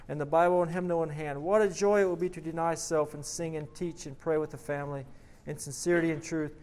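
A man's voice: a little high, steady tone, fast talker, darkish tone. A man preaching, reading a dramatic story aloud and then leading a prayer, emphatic on repeated questions. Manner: emphatic, rising on rhetorical questions.

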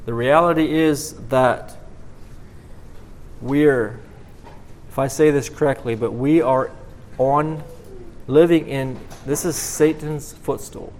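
A male preacher delivering a sermon. He halts and repeats himself, then builds into emphatic stretches, at a mid male pitch with faint background noise. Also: darkish tone. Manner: halting, repeating words, swelling with emphasis.

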